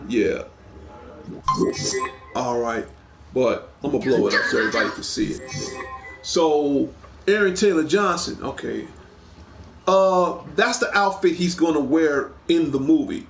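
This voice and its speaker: A man's voice: a little high, expressive, a little slow, vocal fry, pauses often, soft background music. A man hosting a casual show, chatting eagerly about movies and rambling with lots of repeated words. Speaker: show host. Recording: echoey room.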